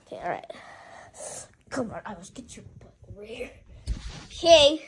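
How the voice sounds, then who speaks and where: A young woman talks casually to the camera and to her cat, playful and rambling. She often stumbles and restarts her sentences. Her voice sits high for a woman. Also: very animated, moderate pace, heavy background noise. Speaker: vlogger. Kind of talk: casual vlog chatter.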